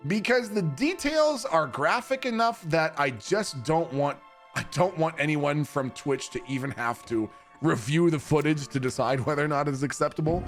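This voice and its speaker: Man, streamer, casual storytelling, cursing, chuckling, somewhat high voice. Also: normal speed, faint music behind. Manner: animated, profane, laughing between lines. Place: home streaming setup.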